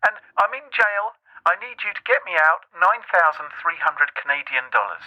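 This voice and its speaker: A man's voice: a little high, lively intonation, moderate pace, pushed and bright, pitched above the performer's own voice, exaggerated voice, poor audio. Man playing a whiny scammer faking a grandson. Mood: pleading. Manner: whiny, pleading, wheedling. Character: young male phone scammer posing as grandson.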